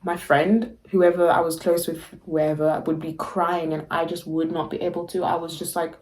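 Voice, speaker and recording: A young South African woman co-hosts a podcast in a fairly low, level, slightly mellow voice at normal speed, with a little hiss or hum on the audio. Her casual chat rambles, full of fillers and restarts, and she laughs often.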